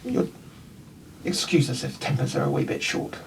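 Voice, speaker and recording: A man voicing a pale male elf thief who talks in a relaxed, chatty and reassuring way. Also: mid-range voice, moderate pace, gravelly, recorded from a distance, slight background noise. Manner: breezy, reassuring, colloquial.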